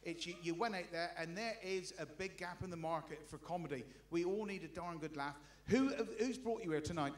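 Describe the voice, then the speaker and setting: A man's voice: on the high side, brisk, few pauses. A man hosting a comedy showcase, chatting in a chummy, matey way with the act. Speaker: showcase host. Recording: echoey venue with crowd.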